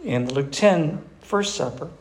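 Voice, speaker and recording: A man's voice: fairly high pitch, animated, a little slow. A man leading a group Bible study, teaching emphatically and calling on members by name.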